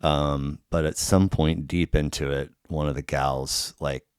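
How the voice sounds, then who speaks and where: A man's voice: a bass voice, steady tone, measured pace, clear, resonant tone, no echo, clean studio sound. A man telling a long personal story in casual, profane podcast chat, full of fillers and restarts. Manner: profane, rambling, filler-heavy.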